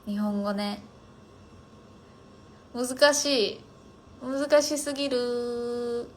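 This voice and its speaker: A young woman chatting casually with viewers on a phone livestream, rambling with lots of fillers and often trailing off into a hush. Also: a little high, fairly even intonation, slow, a little hiss or hum. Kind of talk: casual chat.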